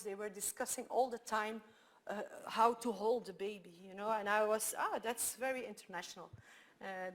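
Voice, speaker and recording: A woman with a Flemish accent, whose first language is Dutch, giving a conference talk full of lively anecdotes and frequent restarts. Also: medium pitch, creaky, slight background noise. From Belgium. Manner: animated storytelling with frequent restarts. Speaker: speaker.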